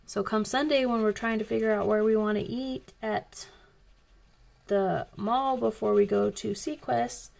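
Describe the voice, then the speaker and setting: Chatty woman with vocal fry. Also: fairly high pitch, fairly even intonation, measured pace, a little mellow. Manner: rambling, chatty storytelling. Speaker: coloring channel host. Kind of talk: casual chat while coloring.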